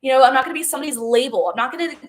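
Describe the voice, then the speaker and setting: A woman's voice: sits high, animated, rapid-fire. A young woman talking straight to camera in a casual, blunt and profane monologue, stressing points and checking in with the listener. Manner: blunt and profane, emphatic with frequent "okay?" check-ins. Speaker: spiritual content creator.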